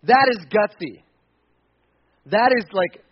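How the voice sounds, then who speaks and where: A man's voice: sits high, expressive, normal speed, dull audio. A man preaching a sermon as pastor, talking in a conversational way and often restarting his sentences.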